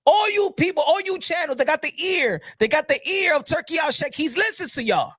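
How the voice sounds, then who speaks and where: A man giving opinionated boxing commentary. He talks in heated, profane bursts, repeats words, and rises to shouting. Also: extremely high pitch, animated, a little fast, dry recording, studio quality.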